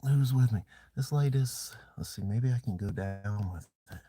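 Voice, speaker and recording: A man's voice: fairly low pitch, normal speed, background noise. A man chatting casually on a live stream from inside his truck at night, a little out of breath and sometimes dropping to a whisper. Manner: rambling, relaxed, drops to a whisper at times. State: a bit out of breath. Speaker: vlogger.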